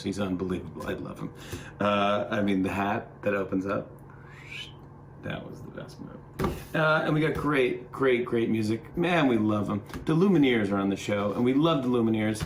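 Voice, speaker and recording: A man's voice: on the low side, slight background noise. A middle-aged man hosting a talk show from home, delivering a joking comedy monologue with an upbeat, rambling manner.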